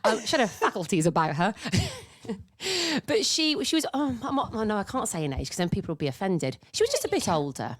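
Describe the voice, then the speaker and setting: A woman's voice: medium pitch, wildly swooping pitch, fairly quick, no room sound. A woman co-hosting a podcast in a studio, telling a story in casual chat and laughing through it. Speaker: podcast co-host.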